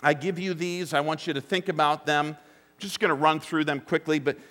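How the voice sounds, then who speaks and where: Pastor preaching in a reverberant hall. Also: male voice, fairly high pitch, steady tone, moderate pace. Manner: storytelling, swings from hushed asides to raised urgent bursts. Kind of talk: sermon.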